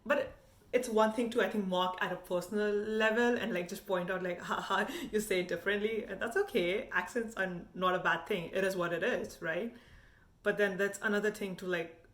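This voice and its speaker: A young woman with a light Indian English accent talks in a slightly low voice, candid and animated. She reviews a show in casual vlog style, leaning on "like" as she thinks aloud. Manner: animated and frank, with frequent "like" fillers.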